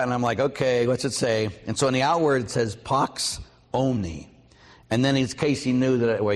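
A man's voice: medium pitch, in a large hall. A middle-aged male priest preaching a mission talk, telling personal stories and asking the audience questions. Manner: storytelling, lively quoted voices, asks audience questions.

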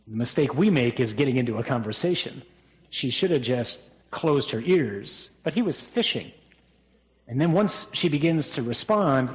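A priest delivers a funeral homily in a plain, conversational voice. He talks to the congregation directly and often tags his points with a quick question. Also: medium pitch.

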